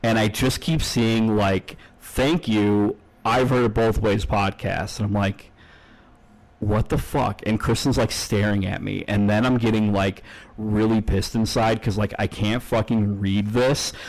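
A man's voice: lowish voice, steady tone, unhurried, low-quality recording. A man co-hosting a podcast, telling a long story in casual chat, rambling with lots of fillers and frequent swearing. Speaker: podcast co-host.

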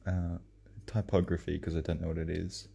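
Gravelly deep-voiced man, dry jokes. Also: monotone, normal speed, mellow. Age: 30s. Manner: dry, joking, banters over his co-host. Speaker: podcast co-host. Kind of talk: casual podcast chat.

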